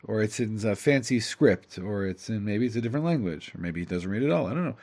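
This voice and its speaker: A man teaching a lesson in an animated, chatty way, reading a story aloud, translating it and breaking into asides. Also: fairly low pitch, quick pace, few pauses.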